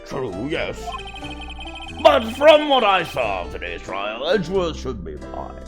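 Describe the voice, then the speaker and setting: A man's voice: medium pitch, wildly swooping pitch, takes it slowly, over music, exaggerated voice. A man voicing a fussy, pompous old male lawyer in a video game.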